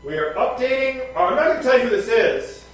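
A man's voice: very high voice, animated, fast. A man hosting a radio show, chatting in a rambling, wry way with many fillers. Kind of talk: casual radio chat. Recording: very echoey, far from the mic.

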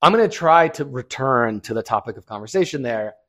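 A man's voice: mid-range voice, lively intonation, a little fast, a bit bright. A man co-hosting a casual on-air chat, rambling and wry as he thinks aloud. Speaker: co-host.

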